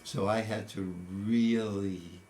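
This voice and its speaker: A man's voice: fairly low pitch, steady tone, slow pace, mellow, a little hiss or hum. A man in his eighties, interviewed, telling personal stories in a reflective, conversational way. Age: 80s. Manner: conversational, reflective, with frequent restarts. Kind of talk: casual storytelling.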